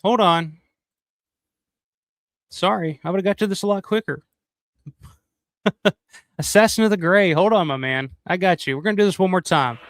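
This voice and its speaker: A man's voice: high voice, normal speed, pauses often, fairly bright tone, no room sound, clean studio sound. A middle-aged man hosting a live stream, chatting loosely and profanely while thanking viewers by name. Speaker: livestream host. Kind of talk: casual live-stream chat.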